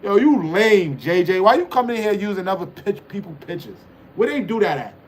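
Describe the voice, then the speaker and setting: A man hosts a livestream and riffs on the chat in loose, teasing banter. His voice sits high for a man. A faint hiss of noise runs underneath. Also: big pitch swings, a little fast. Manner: loose, teasing banter with frequent "you know what I'm saying". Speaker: livestream host reading chat.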